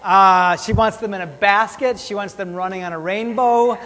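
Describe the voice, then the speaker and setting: A man's voice: high voice, steady tone, moderate pace, pushed and bright. A man preaching a sermon in a casual, chatty way, bantering with his congregation. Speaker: pastor. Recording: long hall reverb.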